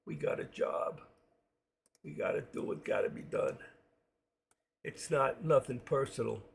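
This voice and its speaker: A man voicing a brash, swaggering male mobster with a gruff New York accent and profane street talk. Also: mid-range voice, a little slow, full character voice. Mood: menacing. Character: tough-talking adult male mobster, brash.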